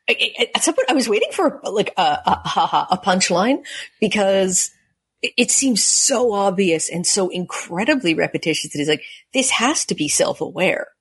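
A woman's voice: mid-range voice, expressive, normal speed, slightly rough. A woman co-hosting a casual wrestling chat, sarcastic and filling her speech with "like". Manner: chatty, sarcastic, lots of "like". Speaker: co-host.

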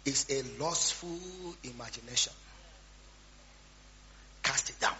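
Animated man preaching, lo-fi. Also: medium pitch, takes it slowly. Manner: animated, swings from quiet asides to loud shouts. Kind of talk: storytelling sermon. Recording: dull lo-fi sound with faint hum.

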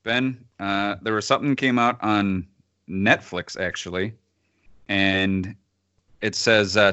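A man's voice: on the low side, steady tone, slow, pushed and bright, smooth, no echo, dull audio. A man in casual chat, co-hosting and reviewing films, sardonic and often laughing between phrases. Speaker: podcast co-host reviewing films.

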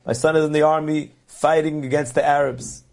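A man's voice: a little high, flat delivery, fairly quick, vocal fry, darkish tone, voice pushed down. A man voicing a frightened old mother. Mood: anxious. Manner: pleading, anxious. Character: frightened old Sephardic mother praying for her son.

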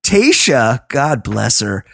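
A woman's voice: a bass voice, very animated, slow, gravelly, husky, dry recording, clean studio sound. A woman hosting a podcast, recapping a reality show in a gossipy, sarcastic, profane way. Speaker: podcast host. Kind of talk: casual podcast chat.

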